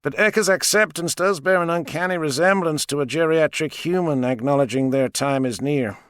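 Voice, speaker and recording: A man's voice: on the high side, normal speed, a bit bright, no echo, voice pushed up, close to an everyday voice. An actor reading a cold, powerful male president who lectures in a dry, matter-of-fact way. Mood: cool, detached.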